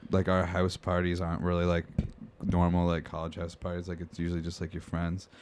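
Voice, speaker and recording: Young male podcast host, low-pitched, casual rambling storyteller. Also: completely flat delivery, a little fast, a little mellow, slight background noise. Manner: laid-back, filler-heavy storytelling. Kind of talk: casual chat.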